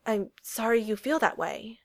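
A reserved, serious young man who speaks in a flat, restrained way, voiced by a woman reading a story aloud. His lines are low-key and held back in this audiobook reading. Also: moderate pace, vocal fry.

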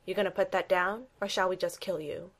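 A woman's voice: fairly low pitch, fairly even intonation, fairly quick. A woman reading the part of a cocky, flippant man in an armored suit.

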